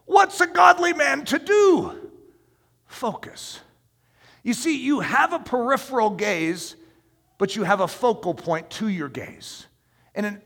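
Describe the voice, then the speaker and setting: Gravelly, bright-voiced preacher in an echoing hall. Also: male voice, high-pitched. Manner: emphatic, conversational preaching with rhetorical questions. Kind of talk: sermon.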